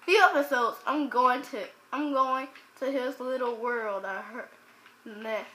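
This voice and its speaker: A woman giving let's play commentary as a gaming channel host, chatting to viewers and bursting into loud exclamations. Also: sits high, a little slow. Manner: chats directly to viewers.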